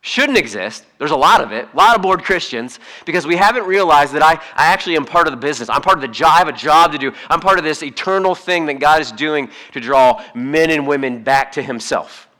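A male pastor gives a relaxed, conversational sermon. His voice is bright and a little higher than most men's. He moves quickly between thoughts, with plenty of fillers and restarts. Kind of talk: casual sermon.

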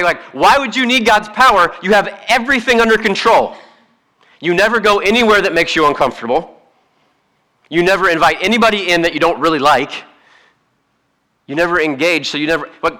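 Bright-voiced man preaching a casual sermon. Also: a little high. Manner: conversational, animated, acts out quoted voices. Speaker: pastor. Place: church hall.

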